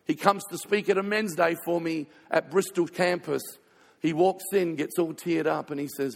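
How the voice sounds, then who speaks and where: A man pastor preaching a sermon, telling stories with sudden swings between loud passages and hushed ones. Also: a little high, normal speed, creaky. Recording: reverberant hall.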